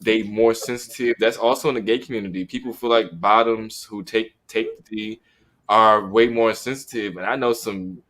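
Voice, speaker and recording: A young man in a loose podcast conversation, voice sitting on the low side. He talks openly and with energy, slipping into little acted-out lines. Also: moderate pace. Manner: animated, acts out what he would say. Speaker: podcast co-host. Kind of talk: candid casual podcast chat.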